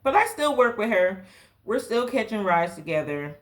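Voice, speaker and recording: A young adult woman from the South Carolina Lowcountry, hosting a podcast and telling a personal story in a candid, animated way. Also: moderate pace. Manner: animated, candid, dramatic pitch swings. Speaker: podcast host.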